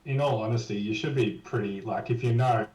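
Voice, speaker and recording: An Australian man trades cheeky, slang-filled banter as co-host of a live stream. He sounds set back from the microphone in an echoey room, and his pitch sits in the middle. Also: fairly quick, darkish tone. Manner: cheeky, teasing, heavy on slang. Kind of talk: casual live-stream chat. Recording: echoey, distant from the mic.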